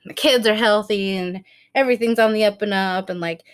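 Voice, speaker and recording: A podcast co-host in her thirties has a smooth, mid-range voice and a brisk pace. She shares a story in easygoing conversation, laughing often and acting out what people said.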